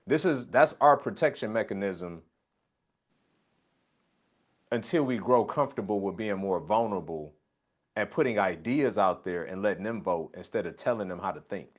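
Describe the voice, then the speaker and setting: A man's voice: lowish voice, animated, a little fast. A man coaching a colleague in a casual conversation, emphatic and repeating his catchphrases. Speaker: business coach.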